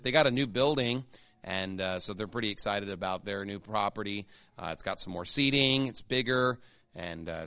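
A man's voice: fairly low pitch, sharp tone, dry recording. A man, a pastor giving church announcements in a casual, chatty way with many fillers and restarts. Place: church sanctuary.

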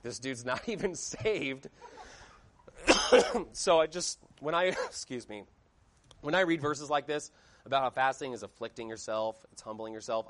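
Guy preaching a sermon, bit high voiced, chatty then suddenly yelling. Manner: conversational preaching with emphatic outbursts. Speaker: pastor.

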